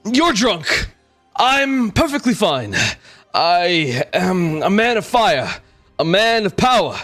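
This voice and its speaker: A man voicing a drunk young prince with a gruff, high, blustering voice in a tabletop game. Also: very animated, slow pace, fairly bright tone, soft background music, exaggerated voice. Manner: slurred, pleading, boastful.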